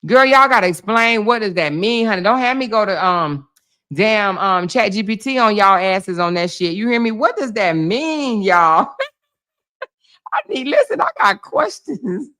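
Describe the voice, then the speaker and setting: A woman with laryngitis hosting a casual livestream, talking loudly to her viewers, full of laughs and exclamations. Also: mid-range voice, normal speed. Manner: loud, laughing, animated, talking to chat as "y'all". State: hoarse with laryngitis. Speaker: livestream host.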